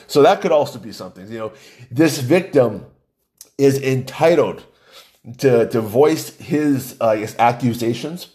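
A man's voice: medium pitch, expressive, unhurried, darkish tone. A man giving opinionated news commentary in a mocking tone, laughing often as he talks.

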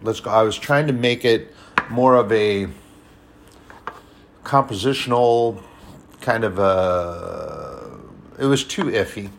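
A man's voice: on the low side, slow, creaky, long pauses, slight background noise. Man preaching with big swings. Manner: dynamic, swings from hushed to loud and emphatic; storytelling, personal anecdotes. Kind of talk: sermon.

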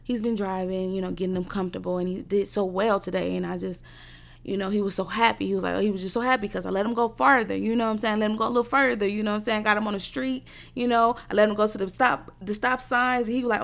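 A woman in her thirties hosts her own talk show in a loose, unscripted monologue. Her voice carries a gravelly vocal fry. She is blunt and profane and hammers her points home by repeating the same phrases. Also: medium pitch, steady tone, a little fast.

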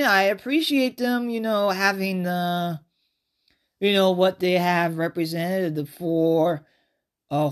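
A podcast host chats through a movie review in a loose, unscripted way. Sentences ramble and restart as thoughts come. The delivery sounds informal and conversational. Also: mid-range voice. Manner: rambling, self-interrupting, chatty.

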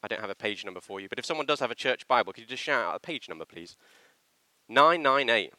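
A man preaching a sermon in a church, with an animated, emphatic delivery that slips into acted quotations. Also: mid-range voice, fast, no echo.

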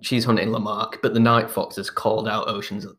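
A man's voice: fairly low pitch, little pitch movement, brisk, a bit bright. Rambling man retelling a film plot. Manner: rambling, restarts often, chuckles while telling.

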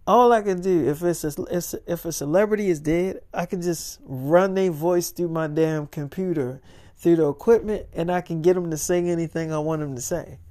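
A man's voice: a little high, moderate pace, warm tone. A man telling a long, rambling first-person story in casual, profane slang.

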